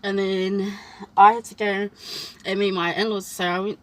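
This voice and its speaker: A woman's voice: mid-range voice, moderate pace, low-quality recording. A woman, telling a personal story in a casual chat and acting out what people said. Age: 20s. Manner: animated storytelling, acts out quoted lines. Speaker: vlog host.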